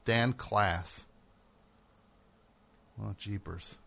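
A male talk show host riffs through a comedic monologue, rambling and sarcastic and full of fillers. His voice sits a bit low, yet it has a bright, forceful edge. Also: drawn-out words, vocal fry, slightly rough.

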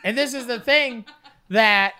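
A man's voice: very high voice, a little slow, pushed and bright, a little hiss or hum. Crude joking man cohosting a podcast. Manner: crude, teasing, jokey self-aggrandizing. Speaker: podcast co-host. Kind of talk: casual banter.

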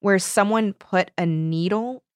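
A woman's voice: medium pitch, a little slow, no room sound. Chatty young woman, dry close sound. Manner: animated, laughing, reads passages aloud. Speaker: podcast co-host. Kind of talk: casual book chat.

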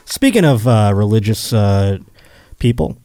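Sarcastic male podcast host, animated. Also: lowish voice, unhurried, no room sound, clean studio sound, faint music behind. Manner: sarcastic, riffing on clips with mocking impressions. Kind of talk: casual comedic recap with guests.

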